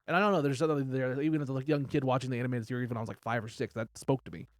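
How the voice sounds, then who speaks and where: A man chatting casually on a podcast, excited and rambling, with lots of "like". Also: mid-range voice, very fast, dry recording, clean studio sound. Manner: excited and rambling, heavy use of "like".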